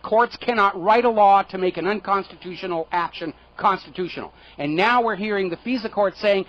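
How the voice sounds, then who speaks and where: A radio talk show host with a high-pitched male voice offers sarcastic, indignant political commentary, firing mocking rhetorical questions at his targets. He talks briskly with hardly any pauses, and the broadcast recording sounds dull and lo-fi.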